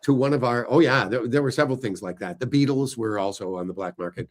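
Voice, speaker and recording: A middle-aged man chatting casually about his book, telling stories in a lively way with filler words. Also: medium pitch, fast talker. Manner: animated storyteller, voices quoted people loudly. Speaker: author discussing his book. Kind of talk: casual storytelling chat.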